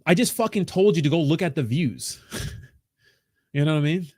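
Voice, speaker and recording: A man's voice: fairly high pitch, lively intonation, normal speed, a little mellow, dry recording. A man hosting a crypto livestream from a small home studio, rambling and ranting with constant swearing. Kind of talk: casual livestream rant.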